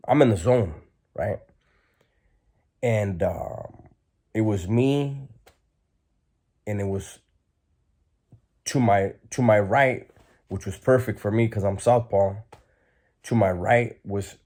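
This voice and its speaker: Dude with a lowish voice telling a street story, blunt and casual, lots of "you know". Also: male voice, dark tone. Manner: streetwise, blunt, filler-heavy.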